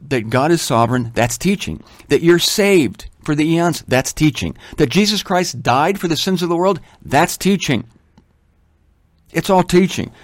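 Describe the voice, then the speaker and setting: Middle-aged male Bible teacher, slightly high voice, emphatic, chatty asides, dry close recording. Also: animated, dry recording. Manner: emphatic, slows down to stress points, conversational asides. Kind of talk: informal sermon teaching.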